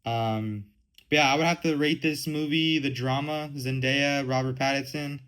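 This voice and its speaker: A man's voice: mid-range voice, fairly even intonation, normal speed, fairly bright tone, clean tone, poor audio. Rambling young man podcasting. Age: 20s. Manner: rambling, heavy use of "like" and "um". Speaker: podcast host. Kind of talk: casual solo podcast chat.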